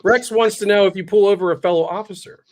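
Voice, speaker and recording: A male talk show host with a notably high voice chimes in with short, casual remarks. He keeps the conversation moving in an easy way. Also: fairly even intonation, quick pace, darkish tone. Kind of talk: casual chat.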